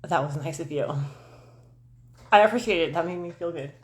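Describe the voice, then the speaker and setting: Low-pitched and fairly quick, this woman in her forties chats about astrology on a livestream from home in front of her camera. Her talk to viewers is rambling, scattered and self-deprecating, with frequent swearing.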